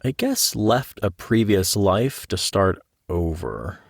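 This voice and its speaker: A man's voice: fairly low pitch, animated, takes it slowly, creaky, breathy edge, no room sound, studio quality. A man being interviewed about his work as an audiobook narrator and author, talking in a casual, joking, self-deprecating way.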